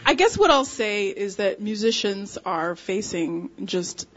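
A woman's voice: medium pitch, animated, unhurried, lo-fi sound. A woman musician interviewed on the radio, speaking earnestly and animatedly and laughing often. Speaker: musician, guest.

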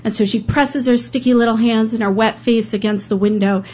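A woman's voice: medium pitch, steady tone, unhurried, darkish tone, slightly rough, highs cut off. A woman storyteller giving an earnest, emotional first-person account live on stage.

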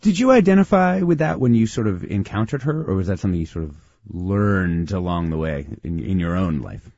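A man's voice: sits low, lively intonation, fairly quick, a little mellow, no room sound, highs cut off. A man hosting a public radio interview, thoughtful and hesitant with many restarts. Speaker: radio host.

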